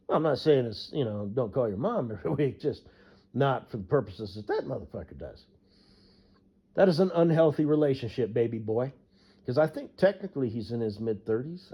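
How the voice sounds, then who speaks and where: A husky, mid-range male voice belongs to a truck driver ranting casually about a coworker. He's profane and rambling, chuckling to himself, and the recording is dull and lo-fi.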